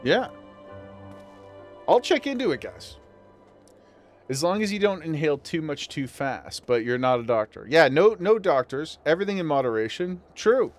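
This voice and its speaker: A man's voice: a little high, animated, moderate pace, faint music behind. A man streaming a game, chatting casually and laughing as he talks to his viewers. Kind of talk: casual livestream chat.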